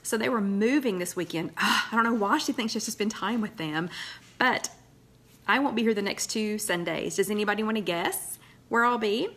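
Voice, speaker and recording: A woman's voice: medium pitch, a little fast, fairly bright tone. A woman hosting a casual live chat from her loft at home, rambling and greeting viewers one by one. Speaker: host of a live weight-loss chat.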